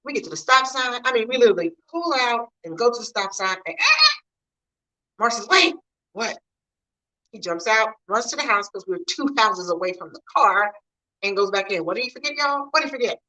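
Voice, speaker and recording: A woman's voice: a little high, fast talker, low-quality recording. A middle-aged woman from the Mid-US, telling stories casually and chatting straight to her viewers in a home vlog. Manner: chatty, animated, talks to viewers directly. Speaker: vlogger.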